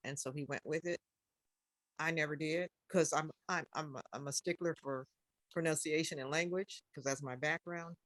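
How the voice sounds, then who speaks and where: An older woman taking part in an online discussion, speaking in an emphatic, expressive way. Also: low-pitched, normal speed, no echo. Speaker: participant. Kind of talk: casual chat.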